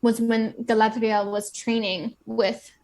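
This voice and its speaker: A woman's voice: fairly high pitch, little pitch movement, takes it slowly, darkish tone. A woman guest on a podcast, chatting casually and explaining screenwriting points thoughtfully. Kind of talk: casual chat.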